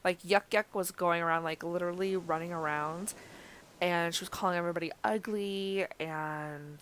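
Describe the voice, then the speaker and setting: A woman's voice: on the low side, fairly bright tone, slight background noise. A young woman vlogger telling a story in a casual, chatty way, full of fillers and small laughs.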